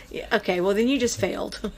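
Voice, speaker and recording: A woman hosting a casual podcast, chatty with many fillers and quick laughs. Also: mid-range voice, noisy background. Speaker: podcast host.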